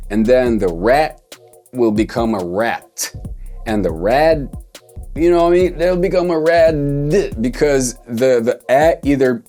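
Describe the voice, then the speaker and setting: Slow, mellow man teaching rhymes. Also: medium pitch. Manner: thinking aloud, repeats words while working out rhymes. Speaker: songwriting teacher. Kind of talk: casual whiteboard lesson.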